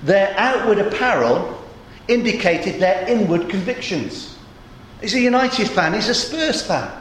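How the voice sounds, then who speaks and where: Groggy preacher, high voice, echoey hall. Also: male voice, expressive, unhurried, fairly bright tone, slight background noise. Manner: storytelling, conversational preaching. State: groggy, slightly hoarse voice. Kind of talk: sermon.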